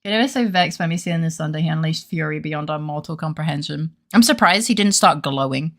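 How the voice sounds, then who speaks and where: A woman's voice: sits low, a little fast, a bit bright. A woman streamer in casual live-stream chat, giggly and chatty and swearing freely.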